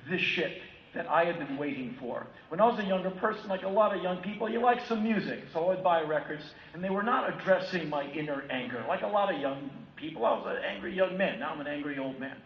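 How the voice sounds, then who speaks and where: A man in his fifties from the United States giving a keynote talk, telling personal stories in an animated way and acting out other people's voices. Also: fairly high pitch, fast talker. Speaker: keynote speaker. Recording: echoey hall from far off, dull lo-fi sound with faint ambience.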